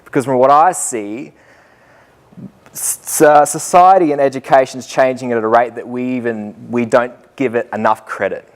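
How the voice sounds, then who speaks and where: A young Australian man, a student teacher, tells stories to a group in a chatty, self-mocking way and laughs often as he talks. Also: medium pitch. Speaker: student teacher giving a talk. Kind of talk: storytelling talk to a live group.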